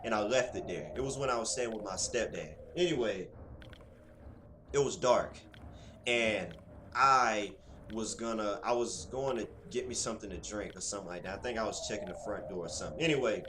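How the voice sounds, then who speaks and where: A man reading game text aloud, then breaking off into rambling, slangy commentary that grows louder when he gets excited. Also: on the low side, fairly quick, background noise. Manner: rambling and talkative, slangy asides. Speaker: gaming channel host.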